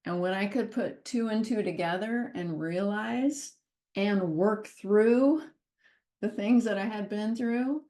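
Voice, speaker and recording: A woman speaker at a wellness masterclass, telling a personal story in an expressive way and laughing often as she goes. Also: medium pitch, slow. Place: talk or masterclass session.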